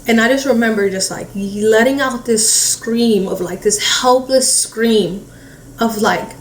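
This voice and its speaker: A woman with a slightly high voice tells an emotional personal story about a painful family loss, speaking haltingly with lots of "like" and acting out what relatives said. The echoey room, distant mic and faint hiss are audible.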